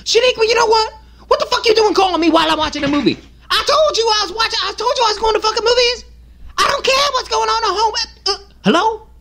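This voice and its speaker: A man voicing a furious young moviegoer who yells profanities into his phone during a film. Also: extremely high pitch, expressive, fast, pitched above the performer's own voice, exaggerated voice. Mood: outraged. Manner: shrieking, profane, indignant.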